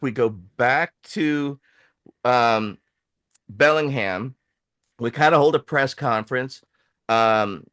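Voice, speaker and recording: A man telling a story in casual podcast chat, animated and profane, acting out the voices of the people he quotes. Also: mid-range voice, no room sound, studio quality.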